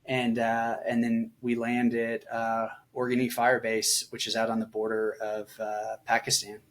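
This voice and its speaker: A man's voice: mid-range voice, completely flat delivery, unhurried. A man in his forties, an army veteran, recounts his deployment as a podcast guest in a loose, conversational way with lots of fillers. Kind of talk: storytelling interview.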